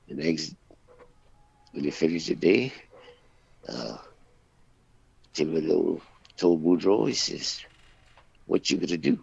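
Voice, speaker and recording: Radio co-host, male, husky gravelly tone, lively up-and-down delivery, folksy joke teller, muffled lo-fi sound. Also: low voice. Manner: folksy, drawn-out storytelling with character dialogue. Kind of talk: telling jokes on a talk radio show. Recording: dull, lo-fi dry radio recording.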